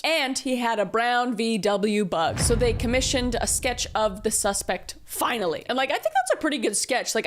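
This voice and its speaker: A woman telling a true crime story in a casual, chatty way, with swearing and filler-heavy asides. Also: a little high.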